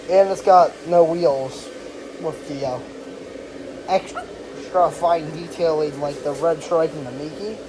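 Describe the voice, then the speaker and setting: A hobby reviewer talking through an inflatable decoration in a casual, rambling and self-deprecating way, filmed beside a parked car. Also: medium pitch. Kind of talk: casual spoken product review. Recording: steady loud background hum.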